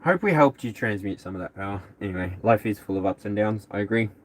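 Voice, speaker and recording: A man's voice: fairly low pitch, animated, quick pace. A man hosting a live tarot reading stream, chatting casually with viewers, rambling and laughing often. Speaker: tarot reader.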